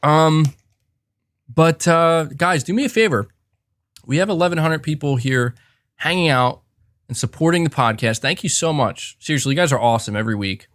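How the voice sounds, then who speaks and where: A podcast host runs a casual live show, rambling through his reflections with plenty of fillers and restarts. His fairly high, slightly bright voice is animated at a normal speed, captured in a dry, studio-quality recording.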